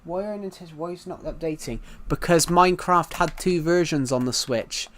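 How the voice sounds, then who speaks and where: A man's voice: fairly high pitch, brisk, fairly bright tone, a little hiss or hum. A British man chatting casually on a live stream while playing, rambling and repeating himself as he answers viewers' chat. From United Kingdom.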